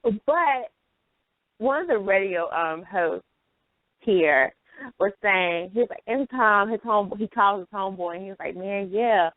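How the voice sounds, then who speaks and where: Over a tinny phone line with a dry recording, a woman hosts a casual chat show. Her voice is medium-pitched at a normal speed, and she tells stories in an animated way, laughing often.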